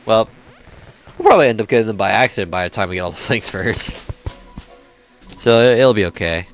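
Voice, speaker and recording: A man's voice: on the low side, lively intonation, a little fast, soft background music. A young man casually commenting while playing a video game, swearing often and grumbling at the game. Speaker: gaming YouTuber. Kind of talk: casual let's-play commentary.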